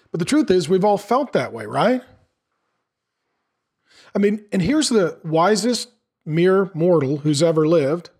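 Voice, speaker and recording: A middle-aged man preaching a sermon in an earnest, conversational way, asking the listeners questions. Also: on the high side. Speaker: pastor.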